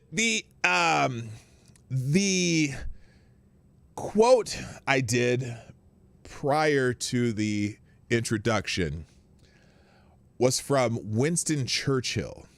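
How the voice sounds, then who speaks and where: A man's voice: medium pitch, dry recording. A man hosting a morning live stream in a casual, rambling way, greeting his viewers one by one. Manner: animated, greets viewers by name, rambling asides.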